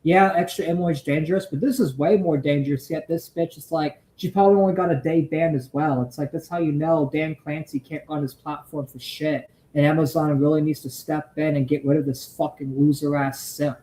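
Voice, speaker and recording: A man's voice: a little high, fairly even intonation, fairly quick, hardly any pauses, dark tone. Brief: profane male stream host, casual rants, roomy echo. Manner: profane, ranting. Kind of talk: casual live stream chat. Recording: echoey room.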